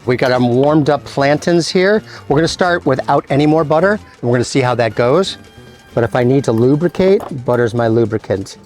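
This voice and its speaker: A man at a middle pitch hosts a cooking demonstration as a chef. He explains each step in a relaxed, conversational way and drops in playful little asides. Faint music plays quietly behind him. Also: brisk. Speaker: chef and show host.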